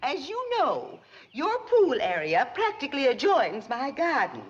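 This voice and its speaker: A prim high-society lady. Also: wildly swooping pitch, unhurried, full character voice. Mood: fussy. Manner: refined, genteel, easily upset. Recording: muffled old TV sitcom audio.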